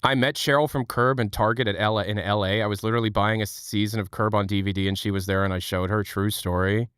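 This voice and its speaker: A man's voice: fairly low pitch, fairly even intonation, fast, a bit bright, clear, resonant tone, no echo, studio quality. A man hosting a livestream from home, chatting casually, joking, swearing and laughing often. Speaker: livestream host. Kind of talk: casual chat.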